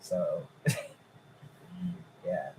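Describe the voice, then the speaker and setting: A young man chatting casually on a live stream, excitable and incredulous, swearing freely. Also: extremely slow, background noise.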